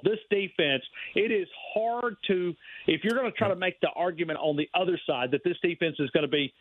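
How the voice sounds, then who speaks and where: Brisk and on the high side, this man's voice comes through a tinny phone line in a dry recording. As a guest in a sports radio phone interview, he talks sports emphatically, rambling and frequently starting over.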